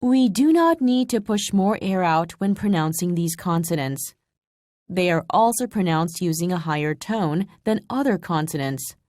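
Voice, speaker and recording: Woman narrating a clear scripted lesson. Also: lowish voice, expressive, darkish tone, no room sound, studio quality. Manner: clear, measured explanation. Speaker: language instructor.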